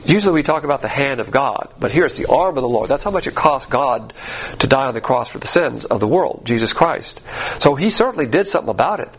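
A man's voice: medium pitch, lively intonation, fast, fairly bright tone, slightly rough. A man teaching the Bible in a sermon, emphatic and sarcastic as he mocks the views he quotes.

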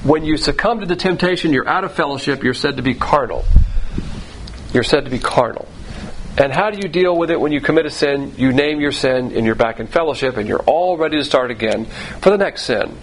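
A man's voice: on the high side, fast, a little hiss or hum, poor audio. A man teaching the Bible verse by verse in a conversational way, repeating phrases and restarting sentences.

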